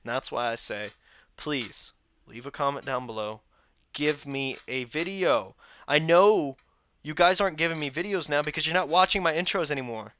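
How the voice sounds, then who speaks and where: A man's voice: fairly high pitch, normal speed, sharp tone, slight background noise. A tired young man hosting a reaction vlog, talking casually to a phone camera from his room and grumbling about his day. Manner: weary and grumbling, venting frustration. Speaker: reaction channel host. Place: indoor room, seated.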